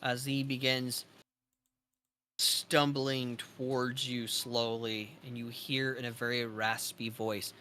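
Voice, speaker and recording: A man narrating as game master of a tabletop game, describing scenes slowly with fillers and pauses. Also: medium pitch, level tone, bright, forceful tone, a little hiss or hum.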